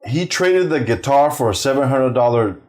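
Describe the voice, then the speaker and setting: A middle-aged male comedian telling profane, animated family stories, acting out the voices of the people in them. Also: mid-range voice, normal speed. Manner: animated, acts out quoted voices, swears freely. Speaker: stand-up comedian, guest. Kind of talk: profane anecdotal storytelling.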